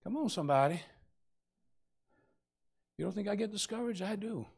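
A man preaching a sermon as pastor, swinging between loud and soft and calling out to the congregation. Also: high-pitched, animated, moderate pace, vocal fry, slightly rough.

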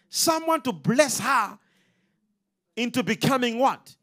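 A man preaching a sermon to a congregation, animated and full of call-and-response questions. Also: sits high, moderate pace.

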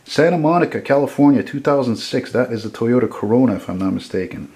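A man in his 40s from Montreal, Canada, a photographer, rambles enthusiastically through the car prints he's selling in a casual sales walkthrough. His mid-range voice is expressive and warm, and he's quick to correct himself.

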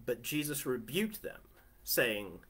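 A man's voice: medium pitch, very animated, takes it slowly, fairly bright tone, breathy edge. A man preaching a sermon from his family living room in a conversational way, often asking listeners "right?". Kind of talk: home sermon.

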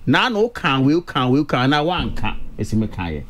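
A man's voice: mid-range voice, very animated, fast, a bit bright. A Ghanaian man on a radio discussion panel, talking emphatically and repeating key words for stress.

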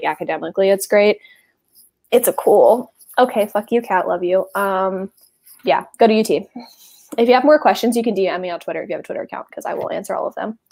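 Chatty Texan woman with a creaky voice. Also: mid-range voice, a little mellow. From Texas. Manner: chatty, rambling, self-deprecating. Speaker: book club livestream host. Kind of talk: casual livestream chat. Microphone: video call.

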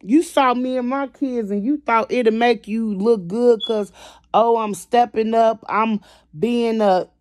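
A woman vlogger venting to her viewers, emotional and swinging between quiet and loud, constantly addressing them directly. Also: a little high, unhurried, no echo, clean studio sound. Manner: emotional, repeats "y'all" constantly. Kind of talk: venting to camera.

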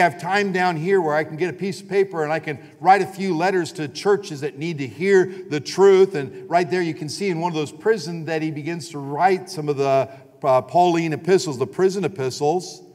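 A man's voice: a little high, a little mellow. A man preaching a sermon as pastor, emphatic, often repeating phrases and calling on the congregation to answer. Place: church sanctuary. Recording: long reverb of a church hall.

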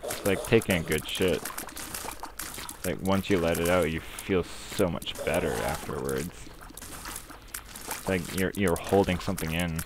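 Young male gamer, low gravelly voice, unhurried, swears freely, noisy home recording. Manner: rambling, swears a lot, filler-heavy. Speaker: gaming commentator. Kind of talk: casual gameplay commentary.

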